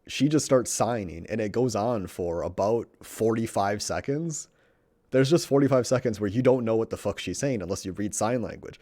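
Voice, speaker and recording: A man's voice: lowish voice, normal speed, dark tone, dry recording. A young man talks in a loose, casual monologue, reviewing a show he loves. He swears often, trips over his words, and grows more and more worked up as he gushes.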